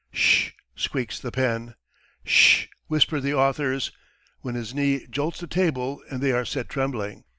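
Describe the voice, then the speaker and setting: A man reads a classic short story aloud at a measured pace with expressive phrasing. His voice sits in a middle register. The recording is dry and close, with no room sound. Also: medium pitch, no room sound. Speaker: audiobook narrator. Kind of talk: scripted story narration.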